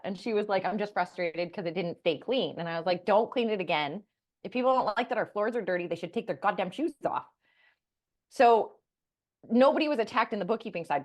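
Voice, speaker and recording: A middle-aged woman co-hosting a podcast, talking candidly and bluntly, animated and swearing freely. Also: medium pitch. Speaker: podcast co-host. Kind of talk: candid casual chat.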